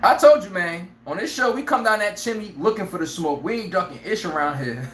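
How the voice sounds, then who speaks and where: Brash, laughing live sports-stream host. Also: male voice, high voice, brisk, reverberant, a little hiss or hum. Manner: brash, animated, laughs often, acts out players' lines. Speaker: sports talk show host.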